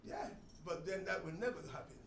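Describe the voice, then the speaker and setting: A man teaching his congregation delivers a sermon in a high, bright, expressive voice with some vocal fry, moving at a brisk pace and emphatically driving points home loudly before dropping soft and low. He sounds distant from the mic in a large, echoing room, with faint noise underneath.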